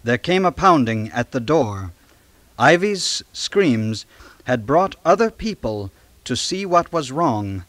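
A man narrating a storybook read-along in a dramatic, measured way. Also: fairly high pitch, fairly bright tone. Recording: long reverb on late-1970s cassette.

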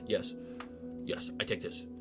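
A man's voice: a little slow, over music. A young man with a nasal voice, just woken up, chatting casually over gameplay and joking to himself. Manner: talks to himself, joking asides and silly voices. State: just woke up. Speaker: gaming video creator.

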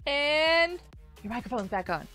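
A woman's voice: high voice, animated, unhurried, sharp tone, soft background music. A woman streaming a game, chatting casually with her viewers, answering chat aloud and laughing often.

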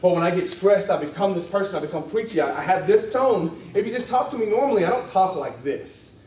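A man teaching a church class in a casual, animated way, often acting out quoted voices and laughing. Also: sits high, fast. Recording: echoey room, distant mic, faint hiss.

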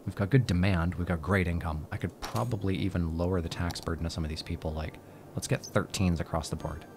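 A man's voice: deep voice, fairly even intonation, a little fast, creaky, background noise. A man giving casual, profane and joking commentary on a city-building game. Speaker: let's play host. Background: game music.

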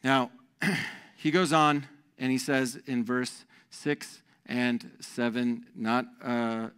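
A man preaching a sermon as pastor, animated and conversational, often repeating words as he goes. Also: medium pitch, slow, smooth.

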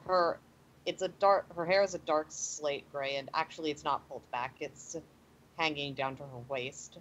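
A man narrating a tabletop role-playing game as game master over a voice call, slow and halting with many fillers. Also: a little high, fairly even intonation, fairly bright tone. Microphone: computer mic on a voice call. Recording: slightly dull voice call audio with faint background noise.

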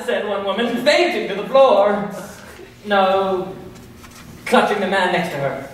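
A man's voice: high voice, unhurried, long pauses. A young man narrating a comic stage sketch in a hammy way, correcting himself as he goes. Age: young adult. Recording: echoey hall, distant mic, noisy.

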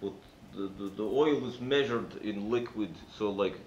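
A man's voice: on the low side, normal speed, a little mellow, slight background noise, natural voice. A man playing a scheming foreign president with a stiff, formal put-on accent in a comedy puppet video. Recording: roomy, muffled clip from a video.

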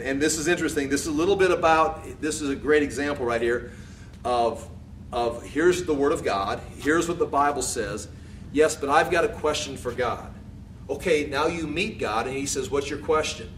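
A man teaching through a Bible passage, reading verses aloud and then commenting in a loose, conversational way. He gets louder and higher when he quotes speech. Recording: distant mic, faint background hum.

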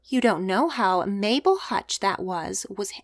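A woman playing a sharp-tongued old gossip. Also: medium pitch, expressive, a little slow, no echo, studio quality. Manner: knowing, disapproving.

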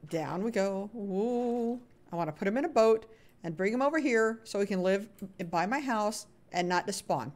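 A woman's voice: mid-range voice, a little mellow. A woman live-streaming a building game talks nonstop in a casual, playful way. She coaxes the characters on screen in a sing-song voice and stops to answer people in the chat. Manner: reads out viewer chat names and answers them. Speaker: Minecraft streamer.

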